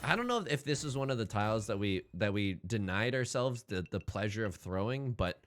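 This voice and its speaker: A young man streaming a tile game, rambling and self-deprecating as he thinks out loud. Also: lowish voice, expressive, a little fast. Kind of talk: casual game commentary.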